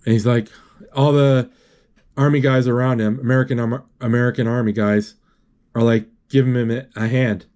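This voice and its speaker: Recounting a movie one scene after another, a man stumbles along without a script, frequently starting over and voicing sound effects himself. His mid-range voice is darkish in tone, with fairly even intonation.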